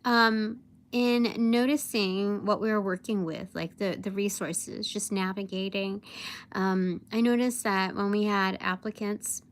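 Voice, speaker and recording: A woman's voice: mid-range voice, fairly even intonation, a little slow. A young woman telling a work story on a casual livestream, rambling with many fillers and acting out her boss's lines. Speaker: vlogger.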